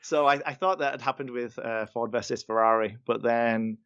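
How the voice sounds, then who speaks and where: A man's voice: mid-range voice, fairly even intonation, normal speed, fairly bright tone, smooth, highs cut off. A man, a voice actor guest, telling anecdotes in a casual podcast interview, laughing often and sounding self-deprecating.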